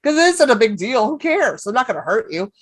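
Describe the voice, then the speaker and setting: A woman in her fifties, a comedian guest on a podcast, telling stories in a lively way and swearing freely. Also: fairly high pitch, brisk, no room sound. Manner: animated storyteller, swears freely. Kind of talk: casual podcast chat.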